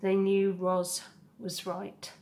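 Read it to the class slowly and evenly, keep the pitch level and don't push. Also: female voice, monotone, darkish tone. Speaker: teacher reading to a class. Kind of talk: reading a children's novel aloud.

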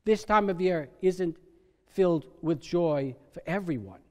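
Emphatic high-voiced preacher in a reverberant hall. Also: male voice, lively intonation, a little slow. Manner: emphatic preacher, swings from soft to loud. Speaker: pastor. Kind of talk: sermon. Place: church sanctuary.

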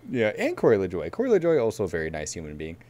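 A man's voice: low-pitched, huge pitch swings, very fast, mellow. A man co-hosting a racing podcast in casual chat, telling a long rambling story full of fillers and frequent laughs. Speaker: podcast co-host.

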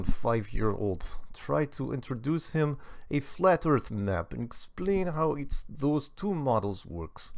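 A man putting on a slow Eastern European accent. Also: medium pitch, gravelly, voice pushed up. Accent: put-on Eastern European. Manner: halting broken English, slow. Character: earnest Polish man writing an email.

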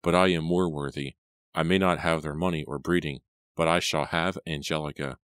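A man voicing an earnest, nervous young male gentleman with a trembling voice in an audiobook. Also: a bass voice, fairly even intonation, normal speed, clean tone, no room sound. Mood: brooding.

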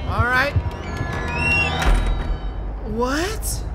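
A man giving let's-play commentary on a horror game, excitable and yelping when startled. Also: very high-pitched, extremely slow, long pauses, soft background music. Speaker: gaming YouTuber.

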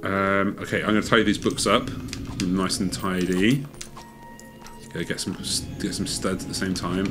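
Woman, very deep voice, casual gaming chatter, encouraging, game music behind. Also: fairly even intonation, moderate pace. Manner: chatty, encouraging, narrates the game as she plays. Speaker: gamer playing co-op with a child.

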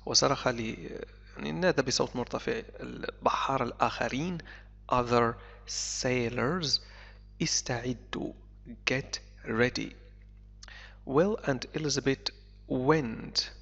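A male English teacher whose first language is Arabic reads a story aloud, translating it line by line. He talks slowly and repeats key words for learners. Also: mid-range voice, creaky, pushed and bright, slightly rough. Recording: echoey, dull lo-fi recording.

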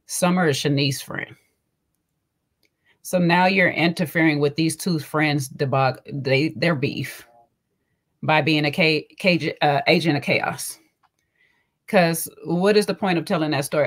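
A woman's voice: low voice, moderate pace, slightly rough. A woman co-hosting a podcast, giving emphatic, sassy commentary on a reality show and acting out what the cast might say. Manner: emphatic, sassy commentary with mock-quoted lines. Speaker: podcast co-host. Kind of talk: casual reality-TV recap chat.

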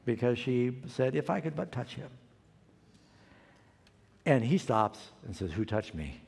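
A man's voice: medium pitch, expressive, unhurried, vocal fry, a little mellow, slightly rough, big-room sound. An older man preaching a sermon as pastor, telling a story and acting out the quoted voices.

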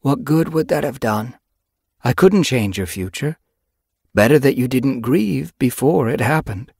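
A man doing a wise female spirit cat from a storybook, pitched above his own voice with a slightly husky edge. She speaks softly and gravely with quiet sympathy, in a dry close recording. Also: expressive, measured pace, dry recording, full character voice. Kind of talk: audiobook character voice.

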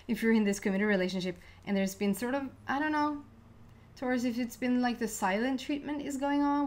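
This is a young woman talking her way through a tarot reading in a loose, chatty monologue. She gets excited easily, laughs along the way and trips over her words as her thoughts race ahead. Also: mid-range voice. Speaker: tarot card reader.

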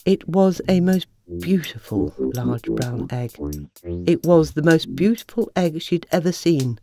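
Low, lively woman storyteller. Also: a little slow, creaky, a little hiss or hum. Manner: lively, expressive reading. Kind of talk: storybook narration. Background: soft music.

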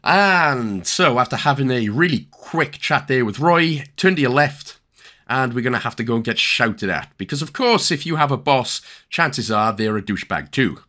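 A man's voice: medium pitch, lively intonation, moderate pace, sharp tone. A young man with a Welsh accent giving chatty, jokey game walkthrough commentary with lots of fillers. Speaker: gaming YouTuber.

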